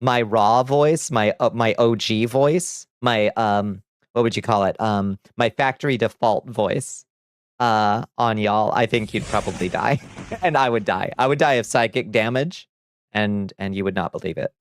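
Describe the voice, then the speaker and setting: Casual streamer, man, mid-pitched and smooth, close dry mic, chatty with frequent laughs. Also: measured pace, no echo. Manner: chatty, laughs often, reads out chat. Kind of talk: casual livestream chat.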